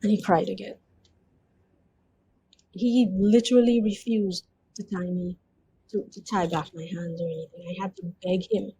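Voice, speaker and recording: A woman's voice: medium pitch, dark tone, a little hiss or hum, low-quality recording. A woman telling her personal testimony as an interview guest, speaking earnestly and conversationally with frequent 'you know' fillers.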